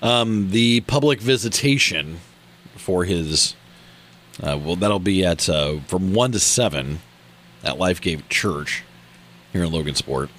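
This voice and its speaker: A man co-hosting a morning radio show, talking in a lively, reactive way. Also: low-pitched, unhurried. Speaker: radio co-host. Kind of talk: casual radio chat.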